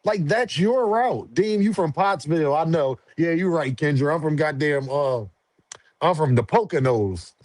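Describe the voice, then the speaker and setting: This boxing commentary streamer speaks in a slightly high, unhurried voice, dry and close on the mic. Loaded with slang and full of energy, he chats about fights and talks straight back to his viewers.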